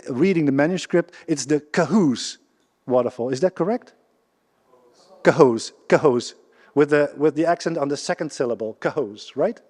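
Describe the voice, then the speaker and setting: A man with a Dutch accent giving a public history lecture, speaking haltingly with many restarts and questions to the audience. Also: fairly high pitch, darkish tone. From Netherlands. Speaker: guest lecturer. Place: lecture hall before a live audience. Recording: reverberant lecture hall.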